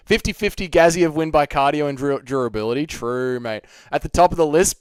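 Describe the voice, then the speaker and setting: A man's voice: mid-range voice, sing-song, fairly quick, smooth, no echo. A young man hosting a casual live stream, chatting and reading out viewer comments with plenty of swearing. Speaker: livestream host.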